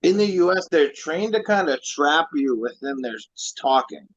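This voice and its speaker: A man's voice: a little high, lively intonation, normal speed, no room sound. A man in a casual chat, speaking bluntly and with firm opinions. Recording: dull lo-fi mic.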